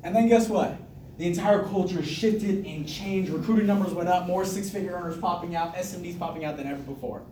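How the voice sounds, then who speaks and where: High-voiced, hyped man speaking in an echoey room. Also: a little fast. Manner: hyped, energetic, repetitive, laughs often. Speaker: team leader giving a motivational talk. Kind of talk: motivational speech to a group. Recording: echoey room, mic from a distance.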